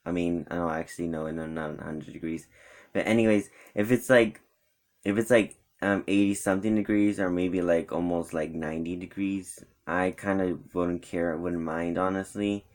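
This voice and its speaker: Young man, deep voice, casual vlog, rambling animated storytelling. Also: normal speed. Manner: rambling, animated retelling with quoted friends. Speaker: vlogger.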